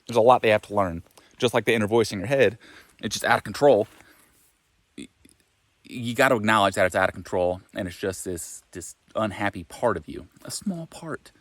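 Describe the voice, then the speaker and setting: A man's voice: fairly low pitch, fairly quick, no room sound. A man giving a frank, rambling monologue as a self-help vlogger, often swearing. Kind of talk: casual spoken monologue.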